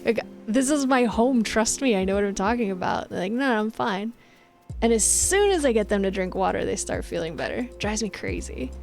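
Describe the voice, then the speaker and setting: A young woman chats live with her stream viewers, mid-pitched with a gravelly edge to her voice. She talks in a bossy, laughing way and acts out what people say. Faint music plays underneath. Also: lively intonation, brisk. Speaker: Twitch streamer. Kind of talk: casual chat with live chat.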